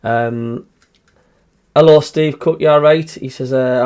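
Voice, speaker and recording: A man's voice: mid-range voice, unhurried, a little mellow. A man with a Sunderland accent hosting a casual football chat show, reading out live chat messages with plenty of fillers. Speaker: podcast host reading listener messages.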